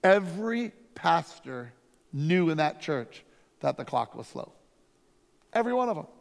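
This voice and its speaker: A man, a lead pastor, teaching a conference workshop through energetic, emphatic stories. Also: a little high, unhurried, gravelly. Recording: long reverb from a hall.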